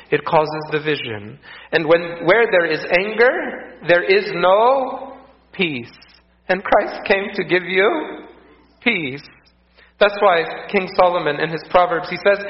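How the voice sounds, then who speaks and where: Earnest preacher. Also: male voice, fairly high pitch. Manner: earnest, repeats phrases for emphasis. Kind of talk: sermon. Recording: echoey, dull lo-fi room sound.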